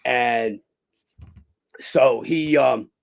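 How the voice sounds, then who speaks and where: Man, middle-aged, gravelly, animated storyteller, swears often. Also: medium pitch, drawn-out words. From Philadelphia. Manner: animated, swears a lot, acts out quoted voices. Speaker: guest. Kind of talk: casual storytelling.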